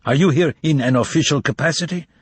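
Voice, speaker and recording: A man's voice: a little high, quick pace, breathy edge, no echo, pitched above the performer's own voice. A man voicing a rude, suspicious, portly middle-aged male housing chairman who blusters and makes demands indignantly.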